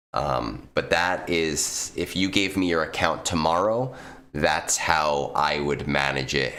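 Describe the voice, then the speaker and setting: A man with a bass voice and a fairly bright tone is streaming and handing out casual, blunt game advice. He swears freely and leans on plenty of fillers.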